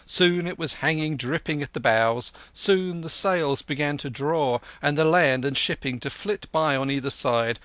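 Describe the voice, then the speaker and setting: A man narrating a classic adventure audiobook in measured storytelling, putting on a voice for each character. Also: mid-range voice, pushed and bright, no echo.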